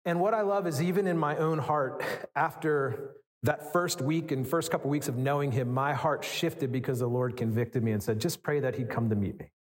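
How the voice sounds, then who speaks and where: A man preaching a sermon, telling a story in a conversational, animated way with many fillers and restarts. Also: on the high side, moderate pace, big-room sound. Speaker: pastor.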